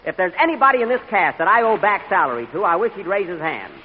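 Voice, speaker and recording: Indignant radio comedian, lively high voice. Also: male voice, phone-quality sound. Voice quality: indignant, halting with uh's. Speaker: comedian hosting a radio show. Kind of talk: live 1940s radio comedy. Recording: crackly 1940s radio broadcast with live audience.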